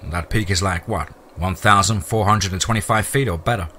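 A man's voice: deep voice, brisk, background noise, close to an everyday voice. A man voicing a blunt, practical ex-military male farmer. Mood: planning.

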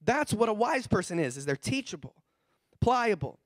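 A man preaching a sermon as pastor, animated and acting out the voices of the people he describes. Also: sits high, normal speed, no room sound, studio quality. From California. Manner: animated, acts out quoted voices.

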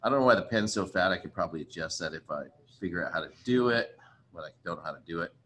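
A man's voice: low-pitched, animated, fast talker, pushed and bright, slight background noise. A man teaching a chemistry lesson in a casual, chatty way, thinking aloud and apologizing as he writes. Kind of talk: casual recorded lecture.

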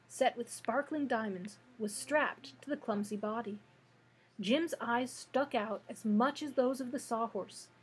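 A woman librarian reading a children's story aloud with steady storytelling narration. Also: a little high, slightly rough, rough recording.

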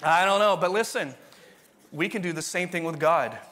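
A man's voice: high voice, moderate pace, bright, forceful tone. A man preaching a sermon in a conversational, rambling way, often restarting his sentences. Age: adult, continuing university studies. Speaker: pastor.

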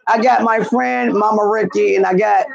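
A woman's voice: mid-range voice, steady tone, moderate pace, creaky. A woman hosting a casual live stream, rambling and gossiping with lots of profanity. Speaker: channel host. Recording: muffled lo-fi recording.

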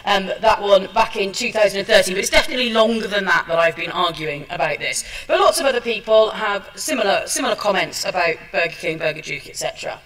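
A woman's voice: mid-range voice, fast, hardly any pauses, a bit bright, far from the mic, rough recording. A woman giving a chatty, self-deprecating seminar talk, with many ums and restarts. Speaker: seminar speaker. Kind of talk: chatty presentation. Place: seminar room at a trade show.

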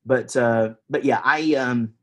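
A man's voice: mid-range voice, slow pace. A man with a Texan accent, chatting casually as a podcast guest, rambling with lots of fillers and restarts. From Texas, USA.

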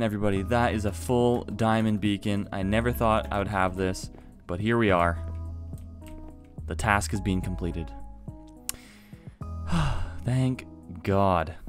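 A man giving casual let's-play commentary, excitable and chatty, talking to viewers while he plays. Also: mid-range voice. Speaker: gaming video host.

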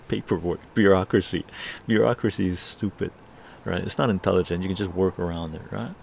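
Middle-aged man from Canada, gravelly, lowish voice, rambling casual storytelling, ASMR stream. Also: moderate pace, darkish tone, a little hiss or hum. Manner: rambling, keeps tagging "right?". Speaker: live streamer.

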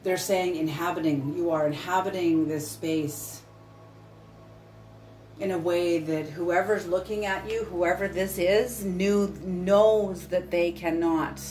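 A woman gives an intuitive tarot reading, earnest and emphatic, repeating her points and swearing occasionally. Her voice is on the low side with fairly even intonation, taken slowly. The recording is roomy, with a distant mic, soft music and a little hiss or hum.

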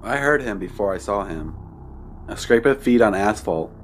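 A man narrating a true scary story in the first person with measured, descriptive wording. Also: on the low side, animated, a little hiss or hum.

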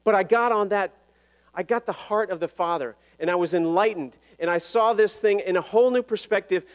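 A man's voice: high voice, darkish tone. A man pastor giving a sermon in a chatty, self-deprecating storytelling way, often laughing at himself, in a church sanctuary. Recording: long reverb of a church sanctuary.

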